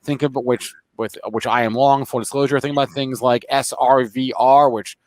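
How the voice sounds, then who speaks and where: Fast-talking New Jersey man, dry sound. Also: medium pitch, fairly even intonation, no echo. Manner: rapid, restarts words, rattles off ticker symbols. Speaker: co-host, trader. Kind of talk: fast market talk show chat.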